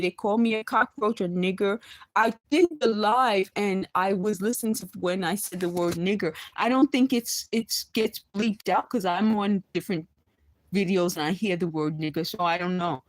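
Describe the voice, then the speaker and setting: A hoarse woman talking to her camera from her bedroom after just waking up, rambling and agitated with many restarts. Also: medium pitch, no room sound, poor audio. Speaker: vlogger. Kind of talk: rambling late-night vlog monologue. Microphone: recording herself on camera.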